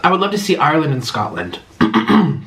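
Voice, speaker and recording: A man's voice: a little high, very animated, fairly quick, fairly bright tone. A man vlogger eating on camera and rambling emotionally through fan questions in casual chat.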